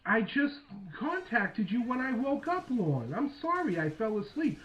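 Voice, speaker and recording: A man calmly and patiently explaining himself during a heated phone argument. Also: very high voice, measured pace. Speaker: host. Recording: dull lo-fi sound.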